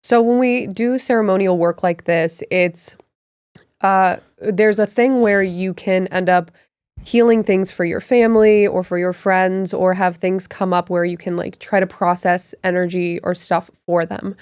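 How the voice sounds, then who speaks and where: Thoughtful podcast woman, smooth clear voice, lowish pitch, dry close sound. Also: steady tone, unhurried, a little mellow, dry recording. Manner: reflective, frequent "like" fillers. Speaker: podcast co-host. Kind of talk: casual conversational storytelling.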